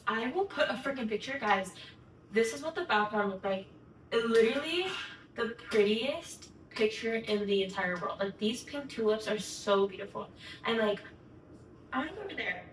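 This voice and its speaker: Speaking at normal speed in a high, slightly bright voice, a young woman vlogger chats effusively to camera while telling a story, peppering it with "like". The recording comes from a distant mic in an echoey room with background noise.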